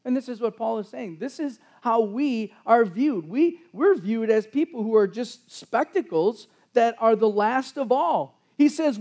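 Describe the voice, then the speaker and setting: High-voiced, mellow male preacher. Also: animated, measured pace, few pauses. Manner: conversational preaching with sarcastic asides and repeated restarts. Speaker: pastor. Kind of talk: sermon.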